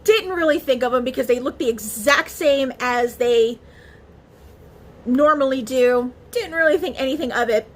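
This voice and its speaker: A woman's voice: sits high, expressive, moderate pace, a bit bright. A woman vlogger talking casually to camera in a chatty, emotional way, with many fillers and restarts. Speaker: beauty vlogger.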